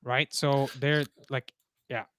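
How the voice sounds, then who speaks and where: A man's voice: mid-range voice, level tone, fairly bright tone. A man hosting a live football chat, talking casually and laughing often. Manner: chatty, laughs often, quick to jump in. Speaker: host.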